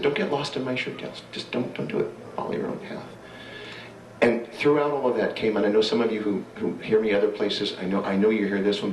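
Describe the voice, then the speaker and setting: An older man reminisces fondly before a live audience, his low voice carrying through a roomy hall. The mic sits some way off, with a faint hiss underneath. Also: far from the mic. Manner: nostalgic, reminiscing. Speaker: stage performer. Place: theater stage.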